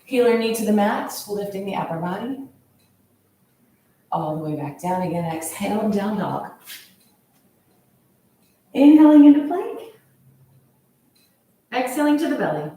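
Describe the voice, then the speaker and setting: A woman leading a yoga class, calmly cueing each pose in time with the breath. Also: mid-range voice. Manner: calm, steady cueing of poses with the breath. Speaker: yoga instructor. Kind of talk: guided yoga class instruction. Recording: very echoey room, voice from far off.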